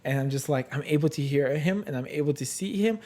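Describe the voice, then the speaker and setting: A man's voice: on the high side, quick pace, dark tone. A man hosting a faith podcast, talking casually and searching for words with many fillers and restarts. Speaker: podcast host.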